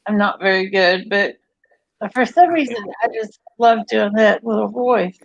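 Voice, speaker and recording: A woman chatting casually with friends, enthusiastic and quick to laugh. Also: mid-range voice, creaky, dull audio. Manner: enthusiastic, giggly, laughs often. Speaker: friend in group chat. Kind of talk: casual chat.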